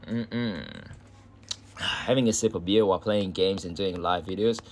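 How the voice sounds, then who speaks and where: Young Aussie streamer, male, lowish voice, relaxed chatty delivery, slight background noise. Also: unhurried. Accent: Australian. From Australia. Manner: casual, chatty, loose with swearing. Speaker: game streamer. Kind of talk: casual live-stream chat.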